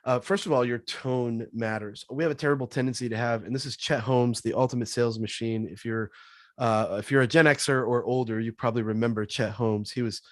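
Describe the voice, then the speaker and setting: Energetic man coaching on sales. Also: medium pitch, a little fast, no echo, clean studio sound. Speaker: sales trainer guest. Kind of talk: casual podcast interview.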